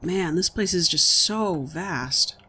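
Let's-play host, bright, edgy tone, chatty and reactive, faint hiss. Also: medium pitch, slow. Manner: chatty, reactive, exclaims at gameplay. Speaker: gaming video host.

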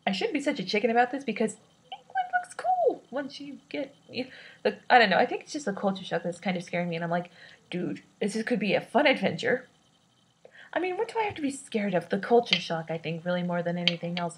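A woman's voice: on the low side, breathy edge, poor audio. A woman in her twenties talking through her worries in a rambling personal vlog, hesitant and self-doubting, with many restarts. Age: 20s. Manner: self-described awkward and introverted. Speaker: vlogger.

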